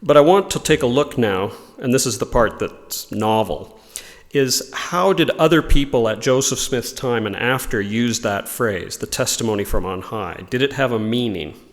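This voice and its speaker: A man's voice: medium pitch, expressive, moderate pace, in a large hall. A man giving an informal religious lesson, explaining ideas in a thoughtful way and reading quotations aloud. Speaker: religious teacher.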